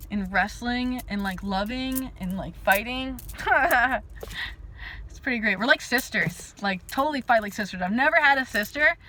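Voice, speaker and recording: A woman hosting a casual livestream chat in a high, bright voice. She rambles and giggles, scattering "like" through her sentences. A faint hiss sits under her voice. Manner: giggly and rambling, with frequent "like" fillers. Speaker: livestream host.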